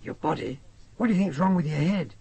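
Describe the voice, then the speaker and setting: Guy putting on a soft scottish doc, young, high and quick, can't believe what he's hearing, gravelly edge. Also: expressive, no echo, exaggerated voice. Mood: puzzled. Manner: quick, amazed, laughing disbelief. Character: young male doctor, soft-spoken and incredulous.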